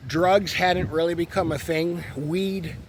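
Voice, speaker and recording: A man's voice: fairly high pitch, fairly even intonation, slow. Profane, rambling man. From Western New York. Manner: profane, meandering, laid-back. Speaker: vlogger. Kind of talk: rambling personal storytelling. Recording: traffic noise behind.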